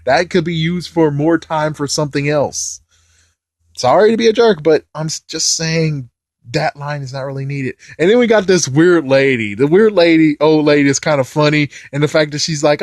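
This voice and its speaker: A man's voice: a little high, normal speed, dry recording, studio quality. A man giving a casual, rambling movie review, exasperated and repeating himself as he swears.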